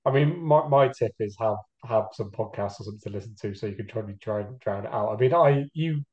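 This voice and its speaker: A man's voice: fairly low pitch, fairly quick, a little mellow. A man co-hosting a podcast, laid-back and dry in casual chat. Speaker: podcast co-host. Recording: slightly dull lo-fi recording.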